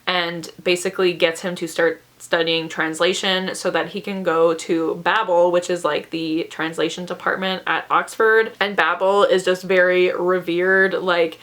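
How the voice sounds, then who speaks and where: A woman's voice: fairly low pitch, flat delivery, a little slow, few pauses, a bit bright. A woman reviewing her favorite books in a casual vlog, emotional and gushing, laughing often and saying "like" a lot. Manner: filler-heavy, says "like" a lot. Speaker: book reviewer.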